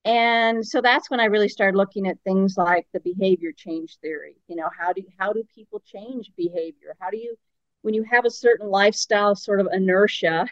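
A woman's voice: mid-range voice, fairly quick, dry recording. A woman guest on an interview, explaining her ideas earnestly and building her points through strings of questions. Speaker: guest expert on active aging. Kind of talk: conversational interview. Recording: slightly dull lo-fi audio.

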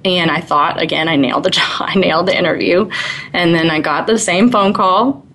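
A woman's voice: fairly low pitch, a little fast, fairly bright tone, low-quality recording. A woman in her twenties telling her story as an interview guest, chatty with frequent little laughs and fillers.

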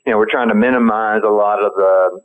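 A man's voice: on the low side, brisk, clear, resonant tone. Male interview guest on a phone line, easygoing and thoughtful. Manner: relaxed, thinking aloud with fillers. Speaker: guest, firearms company founder. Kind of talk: casual interview talk.

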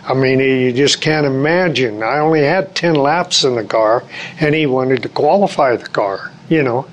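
A man's voice: mid-range voice, moderate pace, a little hiss or hum, poor audio. A man in his seventies, a retired racer telling long anecdotes in an interview, acting out old conversations and restarting his sentences often. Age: 70s. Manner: rambling anecdotes, acts out quoted dialogue, frequent restarts. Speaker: retired race car driver, interview guest.

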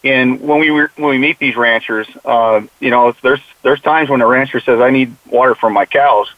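A US mule deer conservationist and mentor to young hunters talks at normal speed, his medium-pitched voice steady. In a casual conversational interview he tells earnest stories, regularly quoting what he tells the kids. It sounds dry and tinny like a phone, with no room sound.

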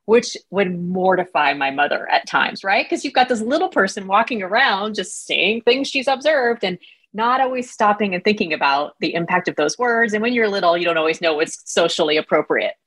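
A woman's voice: medium pitch, expressive, a little fast, a bit bright, slightly rough. A woman talking as a leadership-coach guest in a podcast interview, candid and reflective, speaking in long runs.

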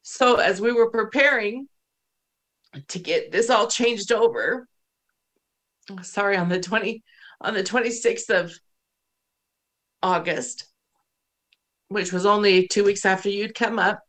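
Middle-aged woman host, casual and emotional storyteller, mid-pitched. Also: unhurried, long pauses, a bit bright. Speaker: podcast host. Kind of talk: casual conversation.

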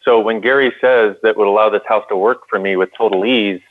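A man's voice: on the low side, steady tone, fairly quick, no echo, phone-quality sound. Man, earnest call-in co-host, restarts his sentences a lot, thin phone sound, dead dry. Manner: earnest storytelling with many restarts. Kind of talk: call-in radio talk.

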